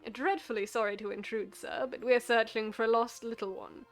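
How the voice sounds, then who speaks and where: A woman's voice: on the high side, steady tone, moderate pace, soft background music, close to an everyday voice. A woman voicing a courteous, formal male professor detective in a video game. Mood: polite.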